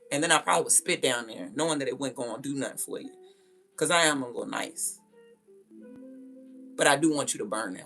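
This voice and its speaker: A woman's voice: deep voice, expressive, moderate pace, creaky, fairly bright tone, soft background music. A young woman hosting a livestream, ranting bluntly and confrontationally with lots of profanity. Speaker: livestream host. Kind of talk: casual livestream rant.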